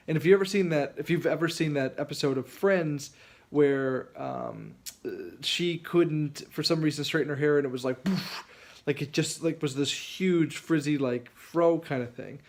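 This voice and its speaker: A man's voice: fairly high pitch, moderate pace, darkish tone. A man telling a casual anecdote in a rambling way, full of fillers and restarts. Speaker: storyteller.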